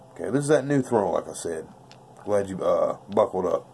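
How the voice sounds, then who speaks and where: A lowish male voice talks through a craps throw in loose, slangy, repetitive chat. He is blunt and intense, with a faint hum of room noise behind him. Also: animated, normal speed, darkish tone. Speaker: craps dice-control instructor. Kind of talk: casual tabletop tutorial. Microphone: off-camera voice, face never shown.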